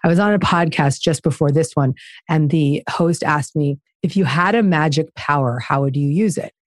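A woman's voice: low voice, moderate pace, dry recording, clean studio sound. A woman guest author talking in an interview, emphatic and preachy in her delivery. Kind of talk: conversational interview.

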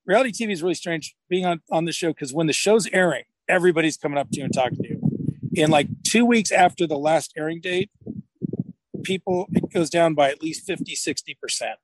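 A man's voice: on the high side, fairly quick, dry recording, rough recording. A middle-aged man chatting casually as an interview guest, rambling and restarting his sentences as he tells stories. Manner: rambling, self-correcting storyteller. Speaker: podcast guest.

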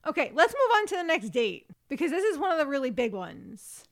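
A woman with a fairly high voice talks through a reality show recap in loose, chatty podcast banter. She is wry and quick to laugh, pausing to hunt for the right word. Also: big pitch swings. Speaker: podcast co-host. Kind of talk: casual reality TV recap chat.

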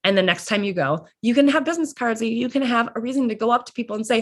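A woman's voice: a little high, fast talker. Chatty woman podcaster giving advice. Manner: chatty, laughs often, acts out little dialogues. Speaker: podcast host. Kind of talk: casual solo podcast advice.

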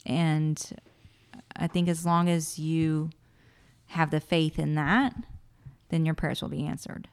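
A woman in her late thirties, a guest in an interview, telling a personal story in a casual, animated way and acting out her own thoughts. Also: sits low, slow, vocal fry, pauses often, smooth. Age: late 30s.

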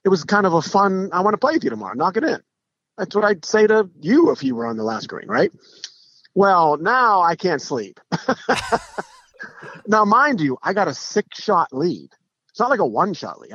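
A middle-aged man, a podcast guest, telling stories in a casual, animated way, with frequent restarts and acted-out quotes. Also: a little high, breathy edge, no room sound. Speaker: podcast guest, pro golfer. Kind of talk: casual storytelling. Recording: dull lo-fi podcast audio.

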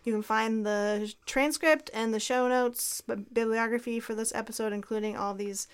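A woman's voice: on the high side, fairly even intonation, moderate pace, smooth. A woman co-hosting a podcast who reads out the show's contact details and makes dry jokes. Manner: dry, joking. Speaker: podcast co-host. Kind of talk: casual chat.

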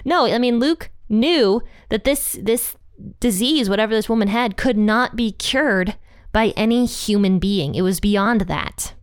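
A woman talks through a Bible passage in a relaxed, chatty way, full of "like" and "you know". Her voice is smooth and clear, and the recording is dry and close with no room sound. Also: on the high side, measured pace, dry recording. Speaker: Bible teacher. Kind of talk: casual Bible commentary.

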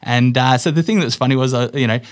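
A middle-aged Australian man chats through his career as a guest, rambling and full of restarts, his voice sitting at an ordinary middle pitch. He laughs a little as he spins his stories, loose and unpolished. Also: fast talker. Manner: rambling, lots of fillers and restarts, laughs while telling stories. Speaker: guest, business owner. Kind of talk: casual interview storytelling.

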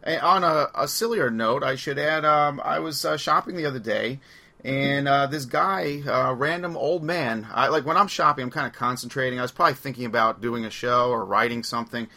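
A man's voice: mid-range voice, a little fast, pushed and bright. A man hosting a casual podcast chat, telling anecdotes in a loose, rambling way and laughing as he goes. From Long Island, New York. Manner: chatty storyteller, laughs through anecdotes. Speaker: podcast host.

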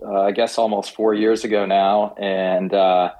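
A middle-aged man, a company founder guesting on a podcast, telling his story hesitantly with many pauses. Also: fairly low pitch, flat delivery, a little mellow, poor audio. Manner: hesitant, many fillers and restarts. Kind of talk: casual podcast interview.

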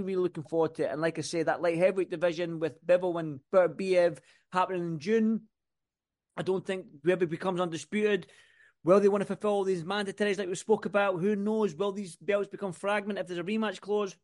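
Enthusiastic man, slightly high voice. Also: darkish tone. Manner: enthusiastic, repeats words, rambling. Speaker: podcast co-host. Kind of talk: casual boxing chat.

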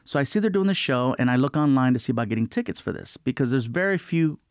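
Guy telling a story in an interview, lively, puts on other ppl's voices, dry close sound. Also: medium pitch, fast talker, smooth, no echo. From California. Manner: animated, acts out other people's voices. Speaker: guest comedian.

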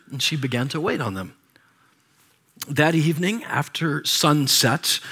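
A man's voice: fairly high pitch, a bit bright, breathy edge. A man preaching a sermon as pastor, reading scripture aloud and adding casual, joking asides to the congregation. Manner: reads scripture aloud with commentary.

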